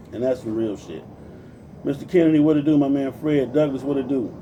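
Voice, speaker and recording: A man's voice: mid-range voice, brisk, dark tone, far from the mic, lo-fi sound, slight background noise. A man in his forties from Compton, California, ranting in a casual livestream, cursing freely and greeting viewers by name as he preaches. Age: 40s. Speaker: livestream host.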